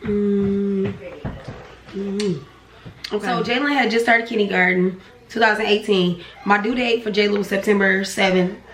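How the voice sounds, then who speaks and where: A young woman, telling a story casually while eating, acting out voices with sharp pitch jumps. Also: a little fast, roomy sound, slight background noise. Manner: animated storytelling, acts out dialogue with pitch jumps. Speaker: vlogger. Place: home room.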